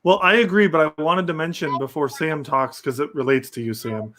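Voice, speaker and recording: A man's voice: on the high side, fairly quick, a bit bright. A man co-hosting a casual podcast, agreeing with the others and steering the talk along. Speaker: podcast co-host. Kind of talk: casual chat.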